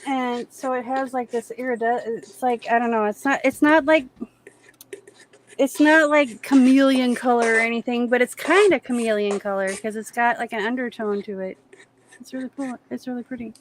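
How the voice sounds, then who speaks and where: A woman's voice: a little high, steady tone, normal speed, slight background noise. A woman hosting an art livestream, chatting casually as she paints, rambling and correcting herself as she goes. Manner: rambling, self-correcting, easygoing. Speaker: artist hosting a live stream. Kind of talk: casual chat while painting.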